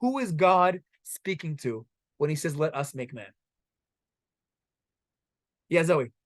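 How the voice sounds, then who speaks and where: A male teacher leads a Torah lesson in a classroom, throwing questions at his students. His voice sits high for a man and comes across close and dry. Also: takes it slowly, no echo. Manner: animated, asks the class rhetorical questions.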